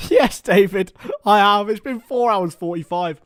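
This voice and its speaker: A young man hosting a casual live stream, chatting with viewers by name and bursting into excited shouts. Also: high voice, slow, clean tone, no echo, studio quality. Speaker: livestream host.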